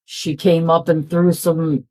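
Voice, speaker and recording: A middle-aged woman with a low voice talks in an unhurried, rambling way as she works on a craft. She drifts from one story to the next and slips into the voices of people she quotes. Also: flat delivery, dark tone. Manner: chatty, rambling, acts out quoted dialogue. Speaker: crafting vlogger. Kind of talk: casual chat while crafting.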